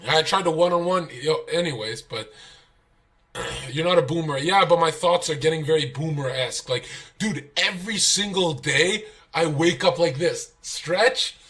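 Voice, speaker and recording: A man's voice: fairly high pitch, normal speed. A young man telling stories on a livestream, swearing, laughing and acting out what people said. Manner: profane, animated storytelling, laughs, acts out quotes. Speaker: streamer guest. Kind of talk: casual livestream chat.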